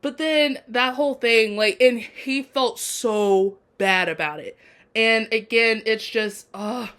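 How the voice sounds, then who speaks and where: A woman's voice: on the high side, takes it slowly, fairly bright tone. A woman giving a casual video review of a TV episode, chatty and effusive with lots of fillers. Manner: chatty, effusive, frequent fillers like "um" and "you know". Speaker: TV show reviewer.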